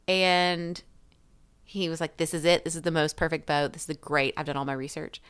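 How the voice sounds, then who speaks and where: A woman's voice: sits low, fairly bright tone, clear, resonant tone. A woman co-hosting a podcast, telling a self-mocking story in casual chat. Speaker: podcast co-host.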